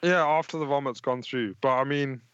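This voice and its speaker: A male co-host lays out tabletop rules matter-of-factly and laughs easily at the jokes. His voice sits at a mid pitch, and the audio is dull and lo-fi with a dry, close sound. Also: a little fast, fairly bright tone, clear, resonant tone, no room sound. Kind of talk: casual game rules discussion.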